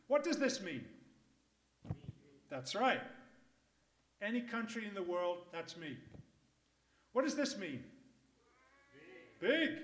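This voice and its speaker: A man teaching public speaking to a live audience in a workshop, emphatic and jokey. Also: high voice. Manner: lively, emphatic, jokey asides. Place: conference room. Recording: echoey room.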